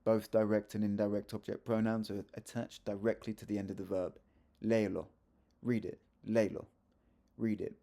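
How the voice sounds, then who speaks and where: In a video lesson, a middle-aged Spanish teacher explains grammar to camera in a low, gravelly, mellow voice with fry, little pitch movement and normal speed. He's chatty and easygoing, fixing himself mid-sentence and throwing in asides.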